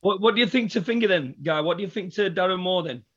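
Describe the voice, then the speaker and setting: A man's voice: high-pitched, fast talker, fairly bright tone. A man hosting a podcast as a fan, rambling and restarting his sentences. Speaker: podcast host, football fan. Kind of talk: casual podcast chat. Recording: dull lo-fi audio.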